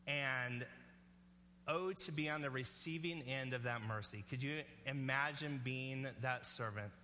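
A man's voice: mid-range voice, a little slow, pushed and bright, big-room sound, slight background noise. A male pastor preaching a sermon in an earnest, conversational way, often checking in with the congregation.

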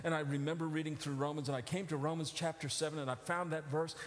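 Middle-aged male preacher with a high voice, alternating hushed reflection and impassioned emphasis, recorded in a reverberant sanctuary. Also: steady tone, fast. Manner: builds from low reflective tones to loud, emphatic outcries. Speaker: pastor. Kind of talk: sermon. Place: church sanctuary.

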